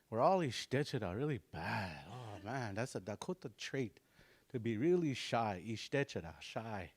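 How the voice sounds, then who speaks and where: A middle-aged man teaching a relaxed language class, joking and repeating words slowly for practice. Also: medium pitch. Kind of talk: casual online language lesson.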